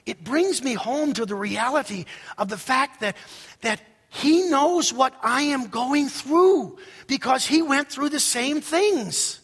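Male pastor preaching big and dramatic, loud then hushed, long hall echo. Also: very high-pitched, expressive, takes it slowly, breathy edge. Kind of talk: sermon.

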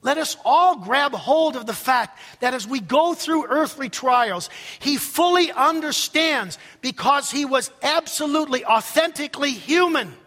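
A male pastor preaching a sermon dramatically, swinging from loud outbursts to hushed asides. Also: extremely high pitch, lively intonation, unhurried, big-room sound.

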